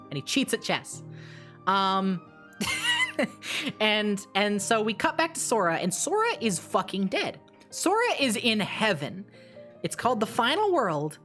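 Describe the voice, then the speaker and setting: Lady streamer rattling off a story, lively swoopy voice, cussing a lot, faint music behind. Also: mid-range voice. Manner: animated, swearing, rapid asides and restarts. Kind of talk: casual live-stream storytelling.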